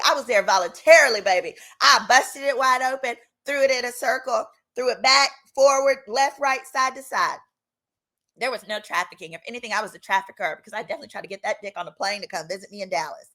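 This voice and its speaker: Bright, lively storytelling woman. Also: on the high side. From Texas, United States. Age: 30s. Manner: animated, chatty, acts out the people she quotes. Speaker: lawyer and channel host. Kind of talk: casual storytime monologue.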